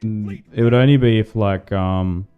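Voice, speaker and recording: Laid-back Australian man, smooth low voice. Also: fairly even intonation, measured pace, narrow, tinny audio, soft background music. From Tasmania, Australia. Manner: rambling, chatty, greets and answers chat, many "like" fillers. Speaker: gaming livestreamer. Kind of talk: casual livestream commentary while playing.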